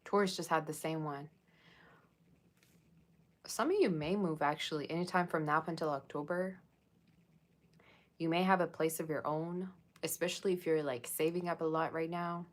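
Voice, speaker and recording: A woman's voice: low-pitched, fairly even intonation, normal speed, pauses often. A woman giving a casual tarot reading, chatting and rambling straight to her viewers. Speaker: tarot reader.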